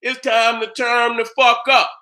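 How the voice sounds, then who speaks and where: Fired-up bright-voiced man ranting. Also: extremely high pitch, little pitch movement, unhurried. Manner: boastful, combative, repeats his phrases, asks "you understand". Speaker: host of his own channel. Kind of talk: fired-up profane monologue.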